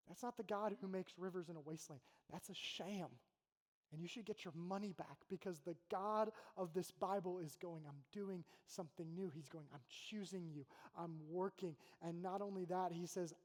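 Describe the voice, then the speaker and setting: A male college pastor preaching a sermon in a casual, conversational way, acting out quotes from God and Moses. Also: sits high. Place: church auditorium. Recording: long hall reverb.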